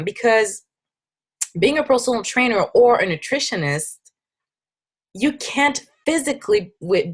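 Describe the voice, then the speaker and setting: A woman with a French accent and a fairly low voice pitches fitness coaching in a casual, upbeat way. She talks persuasively, often breaking off and restarting her sentences. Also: husky. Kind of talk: casual recruiting presentation.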